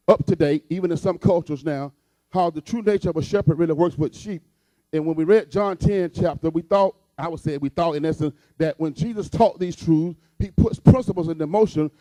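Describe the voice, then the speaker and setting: A man's voice: high voice, mellow, no echo. A man preaching a sermon as pastor, with a repetitive cadence that builds to fervent emphasis.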